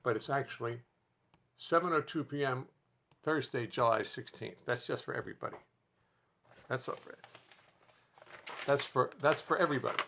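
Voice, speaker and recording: A man's voice: mid-range voice, normal speed, creaky, pauses often, pushed and bright. A man hosting a casual live stream from his home music studio, rambling and joking with viewers. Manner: rambling, chatty, jokes to viewers. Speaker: host and musician.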